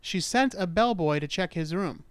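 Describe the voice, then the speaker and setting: Male podcast host, clean resonant voice on the higher side, dry close sound; relaxed, self-deprecating storyteller. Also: moderate pace, smooth, no echo. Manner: chatty, self-mocking. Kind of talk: casual storytelling of a true-crime case.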